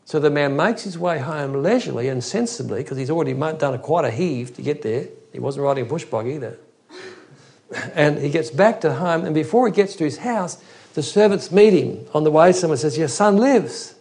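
A man's voice: a little high, lively intonation, a little fast, a little mellow. A man preaching an expository Bible teaching in an earnest, emphatic way, often restarting his phrases.

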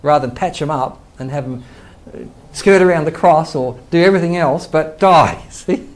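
A man's voice: on the high side, moderate pace. An older man, a pastor earnestly teaching a sermon and quoting scripture. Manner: earnest preaching, quotes scripture, chuckles to himself.

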